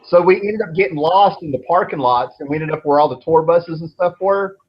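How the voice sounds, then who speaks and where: Brisk, slightly rough and fairly high in pitch, the voice belongs to a man in his thirties hosting a show. He rambles through long, relaxed stories, swearing freely, on a dull lo-fi recording with faint noise.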